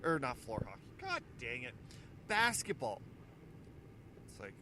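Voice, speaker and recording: A man's voice: medium pitch, sing-song, brisk, sharp tone, a little hiss or hum. A man hosting a casual morning radio show, telling rambling, jokey stories and laughing at himself as he runs trivia on a handheld mic. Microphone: handheld microphone.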